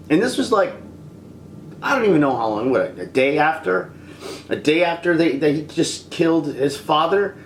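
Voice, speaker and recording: A film reviewer ranting in an exasperated, animated way, acting out scenes as they go. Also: medium pitch, roomy sound, a little hiss or hum.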